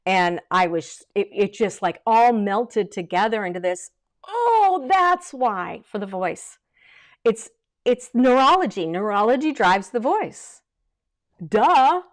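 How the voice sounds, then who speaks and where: A middle-aged woman giving a livestream vocal lesson, lively and chatty, breaking into short sung demonstrations. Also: mid-range voice, unhurried. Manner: lively, demonstrates by singing snippets. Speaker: vocal coach.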